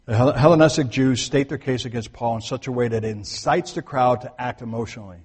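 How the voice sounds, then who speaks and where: A pastor preaches conversationally in a large hall, speaking fast in a mid-range, darkish voice with a breathy edge. He repeats points for emphasis and keeps restarting and correcting himself mid-sentence.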